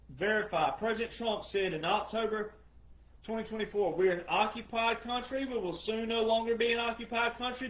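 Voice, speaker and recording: A man with a notably high voice delivers an impassioned commentary to his audience. He hammers points through repetition and often climbs into shouting. The sound carries a noticeable room echo. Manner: emphatic, repetitive, rising to shouts. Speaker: political commentator. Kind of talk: impassioned monologue.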